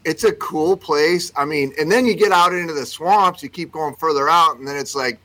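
A man's voice: fairly high pitch, normal speed, sharp tone, a little hiss or hum, poor audio. A man chatting on a radio show in an easygoing, amused way. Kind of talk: casual radio banter.

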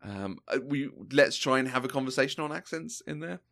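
A man co-hosting a casual podcast, chatty and quick to laugh, often breaking off and restarting his sentences. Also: medium pitch, lively intonation, gravelly, fairly bright tone. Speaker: podcast co-host.

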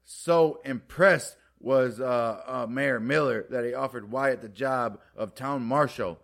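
A man with a gravelly, fry-laced voice retells old history on a podcast. He talks loosely and profanely, stringing the story together with "uh"s and jokes. His pitch sits in an ordinary middle range for a man. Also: slow pace, a bit bright. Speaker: podcast co-host.

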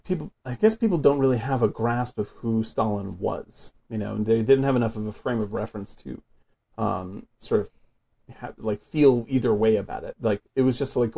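A man with a gravelly, husky voice hosts a relaxed film chat. He talks loosely and fills his sentences with "like". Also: medium pitch. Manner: chatty, fills with "like". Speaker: podcast host. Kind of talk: casual film discussion.

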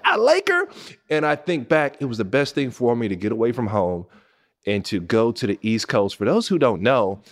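Animated male storyteller hosting a podcast. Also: lowish voice. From Pasadena, California. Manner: excitable, swings between hushed and exclamatory. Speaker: podcast host.

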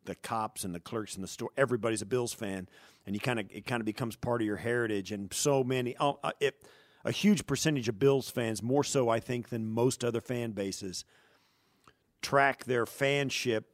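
A man's voice: lowish voice, no room sound, studio quality. A man co-hosting a sports talk radio show, speaking in a reflective, conversational way. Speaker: radio co-host.

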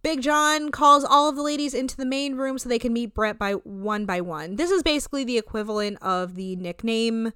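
A woman's voice: fairly high pitch, normal speed, hardly any pauses, bright, forceful tone, smooth, no room sound, clean studio sound. A woman in her thirties hosting a casual recap podcast, blunt and opinionated, swearing freely and saying "like" a lot. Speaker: podcast host.

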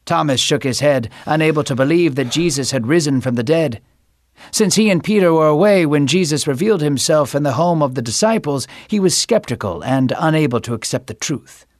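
A man narrating a scripted Bible story in a steady storytelling manner. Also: on the high side, fairly quick, no echo.

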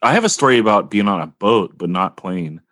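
A man's voice: fairly low pitch, expressive, brisk, fairly bright tone, no echo. A man co-hosting a casual podcast, asking questions and teasing the others with dry quips.

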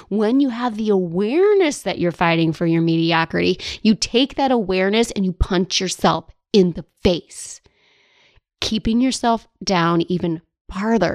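A woman hosting a life coaching podcast who talks in a playful, animated way, laughing often and acting out whiny voices. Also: fairly low pitch, no echo, studio quality. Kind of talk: solo podcast monologue.

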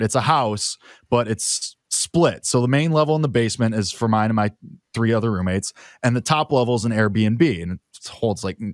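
A man's voice: mid-range voice, no echo, studio quality. A man on a talk show telling a rambling personal story in casual chat, full of fillers.

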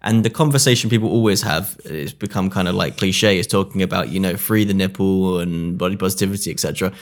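Low-voiced man asking loose questions. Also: quick pace. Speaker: interviewer. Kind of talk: casual chat.

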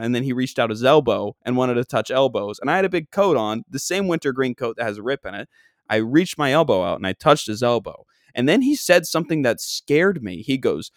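A man's voice: medium pitch, lively intonation, a little fast, dry recording, clean studio sound. A man from Long Island, rambling casually through a funny story with lots of fillers and self-deprecating asides. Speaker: comedian podcast host.

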